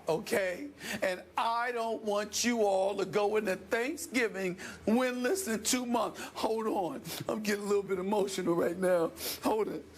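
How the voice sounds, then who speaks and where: A man co-hosting a heated sports debate, loud, sarcastic and theatrical, shouting to make his points. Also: very high-pitched, slight background noise.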